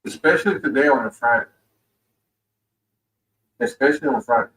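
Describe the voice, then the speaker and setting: A man's voice: medium pitch, moderate pace, fairly bright tone. A man who drives for gig delivery apps, talking in a laid-back, rambling way in a vlog clip. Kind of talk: casual vlog talk. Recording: roomy, distant clip audio.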